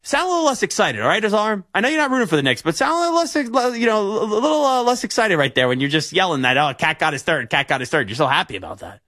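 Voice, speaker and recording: A young man hosts a sports radio show and talks through long, rambling stories, restarting himself often. His voice is bright and sits slightly high. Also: sing-song, fast, hardly any pauses. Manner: rambling, storytelling, many restarts. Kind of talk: casual sports radio talk.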